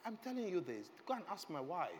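Middle-aged man, passionate preacher, bright and animated, echoing hall. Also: high voice, quick pace, slight background noise. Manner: passionate, swings from soft to loud exclamations. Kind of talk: sermon. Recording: long hall reverb, faint ambience.

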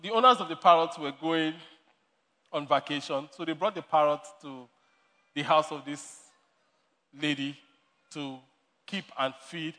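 Heard through long hall reverb, this male preacher has a high-sitting, fairly bright voice. He tells stories in his sermon, laughs often, and keeps coming back to his main points.

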